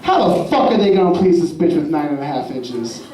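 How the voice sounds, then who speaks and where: A man's voice: on the high side, big pitch swings, brisk, warm tone, far from the mic, slight background noise, voice pushed down. A man voicing a laid-back stoner friend with an offhand drawl, on a comedy club stage. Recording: roomy club sound from afar. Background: audience laughter.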